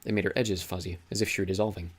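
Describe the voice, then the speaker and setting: A man narrating an audiobook in a steady, dramatic reading style. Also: low voice, racing. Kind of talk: scripted narration.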